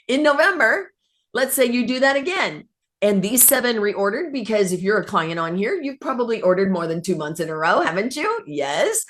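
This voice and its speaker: Woman, peppy recruiter, persuasive pitch, folksy warmth. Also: big pitch swings, moderate pace. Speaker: sales coach on a recruitment call. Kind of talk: sales pitch.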